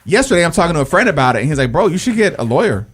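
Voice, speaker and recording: A man's voice: on the high side, very fast, breathy edge. A man hosting a radio show, telling stories in casual chat and often calling people bro. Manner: animated storytelling, says bro a lot.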